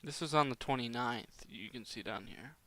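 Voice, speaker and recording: A man's voice: medium pitch, normal speed, sharp tone. A young man giving casual, rambling commentary as he plays a game, often sounding exasperated. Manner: rambling, exasperated, chatty asides. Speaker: gaming YouTuber.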